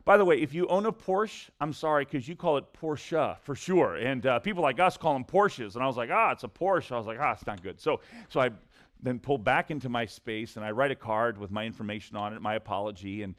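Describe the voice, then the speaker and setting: A middle-aged man preaching a sermon, telling a personal story and acting out the voices in it. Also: a little fast. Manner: animated storyteller, acts out voices with big pitch swings. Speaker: pastor.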